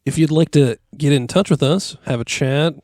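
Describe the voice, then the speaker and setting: A man co-hosting a podcast, calmly and amiably running through social media handles and links. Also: a little high, moderate pace, no room sound, studio quality. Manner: friendly, reads out handles and links steadily. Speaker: podcast co-host. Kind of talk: casual podcast plugs.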